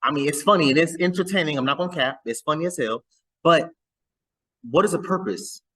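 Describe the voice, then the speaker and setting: A man's voice: on the high side, a little fast, pushed and bright, poor audio. A man hosting a reaction video, chatting casually and often repeating words as he stumbles through his thoughts.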